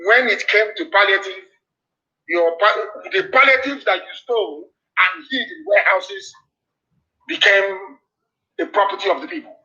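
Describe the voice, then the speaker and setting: A man's voice: high voice, lively intonation, moderate pace, pauses often. A man giving a fiery live radio address, hammering out repeated warnings. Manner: forceful, repetitive warnings. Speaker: political broadcaster. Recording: dull lo-fi broadcast audio.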